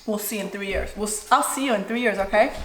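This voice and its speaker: A young adult woman vlogger telling a story to camera in a casual, animated way, acting out the voices of people in it. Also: mid-range voice, fast talker. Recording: echoey room.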